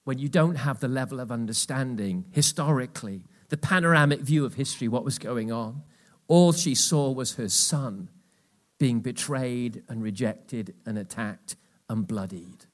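Male preacher, mid-pitched, passionate, drops to near-whispers between bursts; live church sermon. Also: normal speed. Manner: emphatic, swings from loud exhortation to hushed asides. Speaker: pastor.

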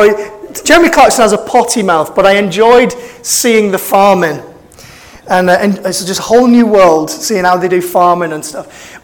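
High-pitched preacher man. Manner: impassioned, building to fervent emphasis. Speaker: pastor. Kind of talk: sermon. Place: church.

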